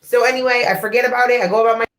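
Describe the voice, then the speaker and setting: A woman's voice: on the high side, steady tone, rapid-fire. Heated woman telling a story. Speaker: content creator in a played clip. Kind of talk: recounting online drama.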